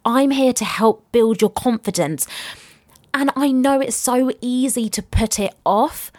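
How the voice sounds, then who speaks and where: A woman's voice: a little high, unhurried, a little mellow, no echo. A young adult woman hosting a casual solo podcast, chatty and upbeat, laughing often as she gives motivational business advice. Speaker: podcast host and business coach.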